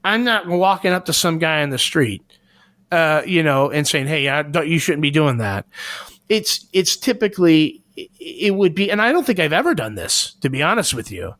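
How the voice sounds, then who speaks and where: Big pitch swings mark this man's high-ish, slightly bright voice as he co-hosts a podcast at normal speed. He talks things through earnestly in casual discussion, hunting for words, on a dry studio-quality recording.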